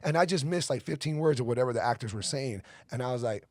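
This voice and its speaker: A man hosting a podcast, telling stories in a profane, animated way during casual chat. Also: mid-range voice, fast talker, no room sound, clean studio sound. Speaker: podcast host.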